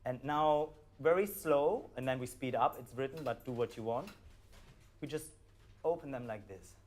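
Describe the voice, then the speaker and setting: A man with a German accent, calmly guiding a live audience through a performance score, with hesitant fillers. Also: mid-range voice. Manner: calm, instructive, hesitant with fillers.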